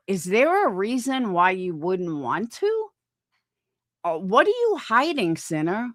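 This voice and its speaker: A woman's voice: medium pitch, very animated, a little slow, a bit bright, dry recording, studio quality. A woman in her forties hosting a stream, reacting to clips in a blunt, mocking, profane way. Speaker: stream host reviewing clips. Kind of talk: casual reaction commentary.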